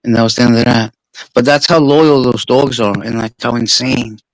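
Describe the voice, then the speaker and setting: A man's voice: medium pitch, moderate pace, no echo, poor audio. A man with a New York accent, a streamer swapping stories in a casual, profane chat. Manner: profane, animated storyteller.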